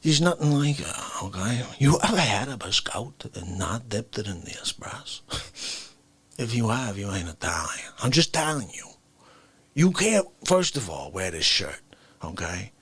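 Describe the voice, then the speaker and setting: A man doing a celebrity impression of a cranky old man, ranting in a rambling way with husky whispers and sudden shouts. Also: fairly low pitch, sing-song, normal speed, voice pushed down, heavily acted. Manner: rambling rant, bursts into shouts. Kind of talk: comedic improvised rant.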